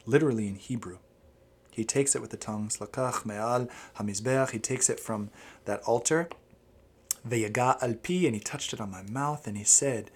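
Man, gravelly low-key timbre, Bible teacher on a casual podcast, wanders and circles back. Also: normal speed. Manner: rambling, animated explainer who quotes Hebrew.

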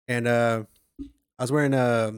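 A man's voice: medium pitch, fairly even intonation, unhurried, clean tone, no echo, clean studio sound. A young man in casual chat, telling a slangy, profane story with frequent laughs.

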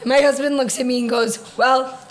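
A chatty woman co-host with a fairly high voice. She tells stories in a loose, playful way and often laughs between lines. A faint hiss sits under the recording. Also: fairly even intonation, brisk. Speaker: podcast co-host. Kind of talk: casual chat.

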